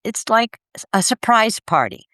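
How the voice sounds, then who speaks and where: An older woman telling stories in a casual interview, animated and laughing, acting out the voices of people she quotes. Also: a little high, normal speed, no echo, clean studio sound. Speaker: guest, near-death experiencer.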